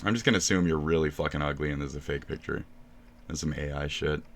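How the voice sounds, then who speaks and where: A man's voice: rumbling low, fast talker, slight background noise. A man streaming live, ranting and mocking with crude swearing in casual reaction talk.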